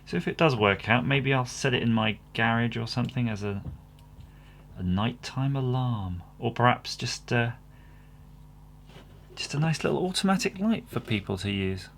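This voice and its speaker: Gravelly man rambling at his workbench. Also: mid-range voice, lively intonation, moderate pace, a bit bright, a little hiss or hum. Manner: rambling and self-deprecating. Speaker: electronics kit builder, channel host. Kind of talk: casual workbench commentary.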